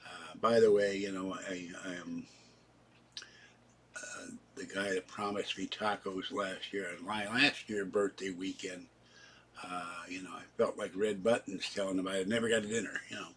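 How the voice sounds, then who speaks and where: A man's voice: sits low, fairly even intonation, moderate pace, a bit bright, slightly rough. A man in his seventies, hosting a casual live stream and chatting to viewers, rambling from one topic to the next. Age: 70s. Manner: chatty, talks straight to viewers. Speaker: channel host.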